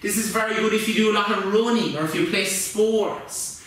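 A man leading a kids' yoga class with gentle, playful, encouraging instructions. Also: sits high, normal speed. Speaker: yoga teacher. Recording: echoey room, mic far off.

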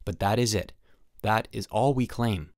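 A man narrating an audiobook in the first person as a letter, with an emphatic, animated delivery. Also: on the low side, a little slow, no room sound, studio quality. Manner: animated, emphatic on the product name. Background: faint background music.

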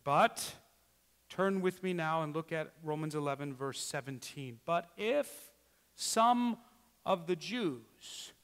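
High-voiced man preaching in a reverberant church. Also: expressive, takes it slowly, smooth. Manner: emphatic preaching, rhetorical questions, swings from soft asides to loud exclamations. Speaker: pastor. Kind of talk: sermon. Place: church sanctuary.

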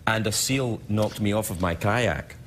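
A man's voice: fairly low pitch, a little slow, heavy background noise. A man hosting a late-night talk show, teasing his guest with playful, rambling questions. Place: TV studio with audience. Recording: loud studio audience behind.

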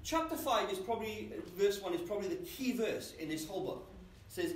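A man's voice: high voice, big pitch swings, moderate pace, a little hiss or hum. A man preaching a sermon in a church, conversational and often asking the congregation questions. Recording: echoey church from a distance.

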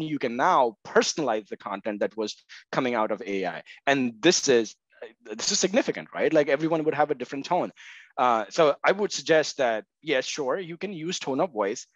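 A man's voice: medium pitch, no echo, muffled recording. A man speaking as an interview guest in casual conversation, hedging with fillers and often asking "right?". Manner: many fillers, frequent "right?" checks. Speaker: guest, marketing tech co-founder.

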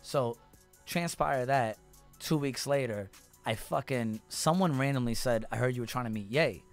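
A man in his thirties, a rapper guest, telling a long story in a lively, profane way and acting out the people in it. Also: medium pitch, moderate pace, faint music behind. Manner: animated, profane, acts out voices in his story. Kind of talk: casual storytelling.

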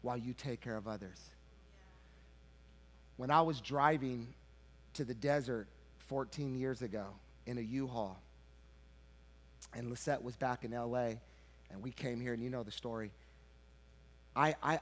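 A middle-aged man preaching a sermon as pastor, swinging between loud shouting and hushed, low confession, repeating words when he gets worked up. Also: unhurried, long pauses. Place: church sanctuary.

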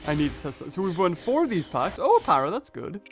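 A young man commentates on his game in a high, lively voice that leaps up and down with every turn. He reasons through each move aloud and breaks into excited exclamations. Soft game music plays quietly behind him. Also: fast. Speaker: gaming channel host. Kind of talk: let's play commentary.

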